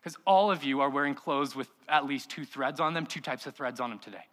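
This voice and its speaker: A man's voice: mid-range voice, a little fast, a bit bright. A man preaching a sermon as pastor, emphatic and full of rhetorical questions to the congregation.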